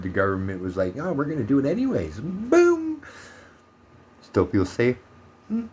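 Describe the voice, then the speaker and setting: A man's voice: on the low side, a little hiss or hum. A man from Canada ranting heatedly in a monologue vlog, swearing often and turning sarcastic. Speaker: vlogger.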